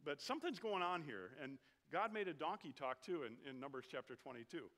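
Brisk and sing-song, a middle-aged preacher with a slightly high, fairly bright voice keeps his sermon casual and humorous, regularly turning to the congregation with questions.

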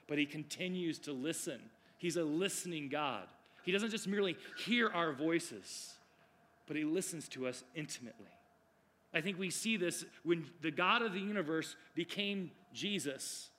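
A man preaching a sermon, moving between loud declarations and hushed, drawn-out phrases. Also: a little high.

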